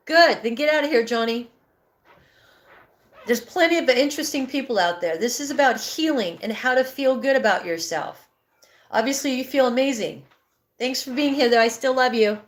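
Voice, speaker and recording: A woman's voice: high voice, animated, normal speed. A woman in her fifties coaching breathwork on a live stream, candid and rambling, often correcting herself mid-sentence. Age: 50s.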